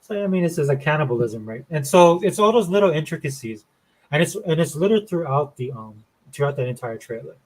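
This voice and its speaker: A man's voice: on the high side, expressive, a little fast, low-quality recording. Enthusiastic rambling gaming show host, a man. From Florida. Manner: rambling and enthusiastic, says dude and man a lot. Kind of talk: casual gaming chat.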